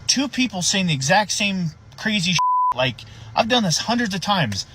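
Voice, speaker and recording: A man's voice: high voice, sing-song, normal speed, very noisy. A man, a sheriff's deputy, telling a story casually and animatedly, swearing and acting out the voices of the people in it.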